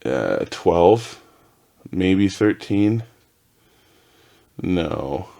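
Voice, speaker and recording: Male podcast host, 30s, low voice, loose and profane solo storytelling that keeps restarting. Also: lively intonation, very slow, creaky, mellow. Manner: rambling, profane, self-interrupting. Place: home with dogs.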